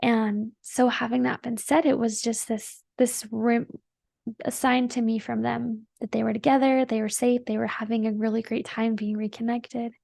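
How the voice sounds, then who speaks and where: A woman's voice: on the high side, flat delivery, normal speed, vocal fry, mellow, dry recording, studio quality. A woman hosting a podcast, telling a personal story in a chatty, earnest and emotional way, full of "like" fillers. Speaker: podcast host.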